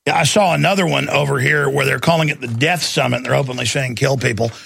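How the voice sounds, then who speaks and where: A man's voice: medium pitch, steady tone, fast talker, creaky, fairly bright tone. A man hosting a talk show, ranting heatedly and emphatically, often repeating himself for effect. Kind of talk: ranting political commentary.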